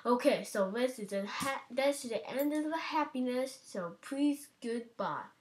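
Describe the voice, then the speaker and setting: A woman's voice: on the high side, expressive, a little slow. A woman rambling playfully and giggling as she narrates her own silly antics to a webcam at home. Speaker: webcam vlogger. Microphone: webcam microphone. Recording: webcam audio with loud background noise.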